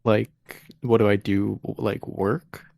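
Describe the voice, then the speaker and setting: A man with a gravelly voice speaking slowly as a player in a tabletop role-play. He is laid-back and hesitant, and the sound is dry and close with no room. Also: lowish voice, flat delivery, darkish tone, dry recording.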